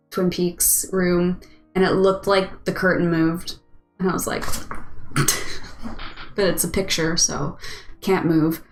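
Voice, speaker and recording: A woman's voice: medium pitch, reverberant. A woman host chatting casually with viewers on a live stream, rambling and giggly. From United States.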